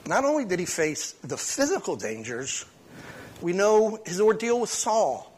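A pastor reading a psalm aloud and then preaching a short sermon at a church service, talking conversationally with frequent restarts. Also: male voice, high voice, big pitch swings, measured pace, husky. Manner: conversational, with frequent restarts and sudden swings in loudness.

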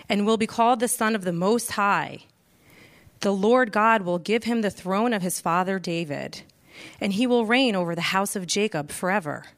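A woman stands to read scripture before the sermon. She reads slowly and carefully, pausing between phrases. Her pitch is ordinary for a woman. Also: fairly bright tone. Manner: measured, careful reading aloud. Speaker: scripture reader. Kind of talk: scripture reading.

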